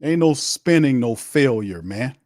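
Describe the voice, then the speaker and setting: A man's voice: medium pitch, lively intonation, a little slow, a little mellow, dry recording. Fiery ranting man, dry close sound. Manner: fiery, blunt and repetitive, with mocking asides. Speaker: sports show host. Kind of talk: heated sports rant on a live watch stream.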